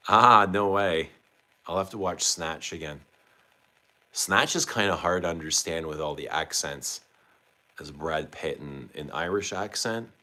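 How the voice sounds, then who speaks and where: A man's voice: a bass voice, measured pace, pushed and bright. A man hosting a casual livestream, reading viewer comments aloud and chatting back with questions. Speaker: livestream host.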